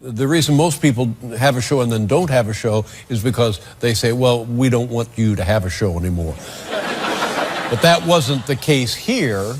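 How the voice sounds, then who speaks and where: A man hosting a talk show, asking measured, probing questions of his guest. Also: mid-range voice, a loud crowd, very noisy. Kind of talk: interview.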